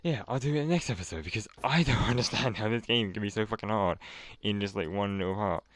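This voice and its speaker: A man's voice: lowish voice, fast, a bit bright, no echo. Frustrated swearing young man gaming. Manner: swears a lot, exasperated outbursts. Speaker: gaming channel host. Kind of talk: frustrated gameplay commentary.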